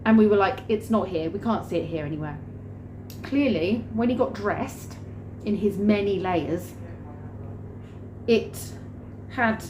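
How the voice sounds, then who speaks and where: A woman vlogger telling a story in a lively way, acting out the scenes. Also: mid-range voice, noisy background. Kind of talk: animated storytelling vlog. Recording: roomy room with faint ambience.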